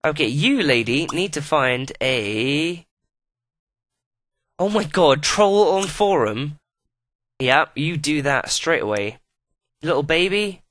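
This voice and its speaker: A man's voice: fairly high pitch, very animated, slow, long pauses, a bit bright. A man giving profane, exasperated running commentary while playing a life-simulation video game. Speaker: let's play host.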